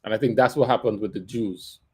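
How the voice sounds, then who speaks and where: A man's voice: lowish voice, fairly quick, husky. A man leading a casual faith discussion, explaining his points in a thoughtful way with light laughs.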